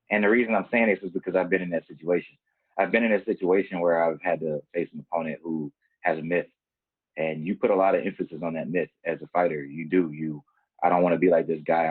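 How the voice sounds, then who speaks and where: A man with a very deep, husky voice on a tinny line. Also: no echo. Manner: earnest, speaks from experience. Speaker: guest and fighter. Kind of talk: casual podcast chat.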